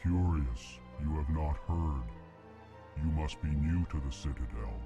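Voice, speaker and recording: A flat, booming elephant-like alien envoy. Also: male voice, a little slow, creaky, over music, full character voice. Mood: monotone. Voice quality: flat monotone, names each emotion before speaking. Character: huge elephant-like alien diplomat, monotone, proud. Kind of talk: video game voice acting.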